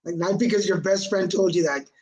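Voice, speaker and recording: High-voiced joking man on a video call. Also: brisk, darkish tone, poor audio. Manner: sarcastic, joking, switches into Spanish words. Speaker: host. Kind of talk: live-stream chat, storytelling.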